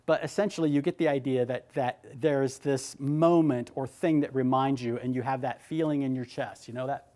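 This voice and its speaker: A man giving a motivational talk, animated and emphatic, often repeating his words. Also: mid-range voice, moderate pace, hardly any pauses. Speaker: motivational speaker.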